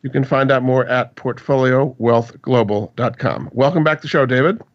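A man's voice: medium pitch, normal speed, no echo. A man hosting a finance radio show, interviewing a guest and often repeating words as he asks his questions. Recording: dry, dull lo-fi radio sound.

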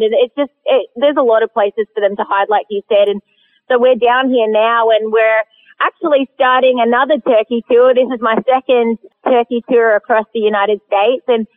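An Australian woman tells her story in a casual, animated way, with laughter breaking through. Her voice comes down a thin, phone-like line. She sounds like a guest on a call-in show. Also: fairly high pitch. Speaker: guest hunter.

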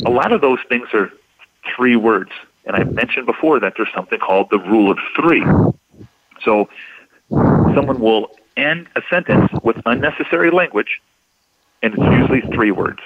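A man's voice: medium pitch, animated, moderate pace, dry recording. A man explaining deception cues in an instructive, emphatic manner on a radio talk show. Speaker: deception expert guest. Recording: dull lo-fi radio audio.

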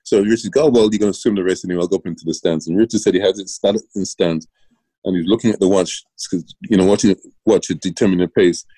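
A man's voice: sits low, quick pace, dark tone, slightly rough, no echo, poor audio. A middle-aged man from Britain, a former Olympian and coach, telling long rambling stories in a casual interview. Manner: rambling anecdotes with restarts and laughs.

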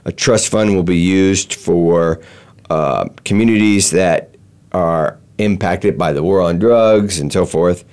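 Guy hosting a chat show, lowish voice, lots of uhs and restarts. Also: darkish tone, clean tone. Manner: halting, many fillers and restarts. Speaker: show host. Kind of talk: explanatory chat.

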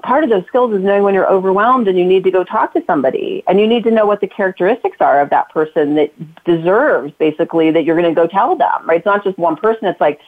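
A woman's voice: mid-range voice, fast talker. A woman author, a guest in a casual interview, who talks at length and acts out the lines she says to her children. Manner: talkative, acts out quoted lines to her kids. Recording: tinny phone-like line.

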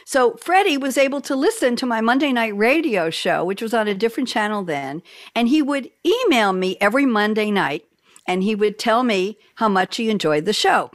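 A woman's voice: a little high, expressive, moderate pace, dry recording, studio quality. A woman hosting a radio talk show over a video call, telling a story with emotion and laughter. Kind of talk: casual talk show chat.

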